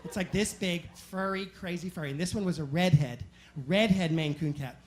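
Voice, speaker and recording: A man telling animated, self-mocking stories as a stand-up comedian on a club stage. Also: sits high. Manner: animated, self-mocking anecdotes with quick asides. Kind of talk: stand-up storytelling.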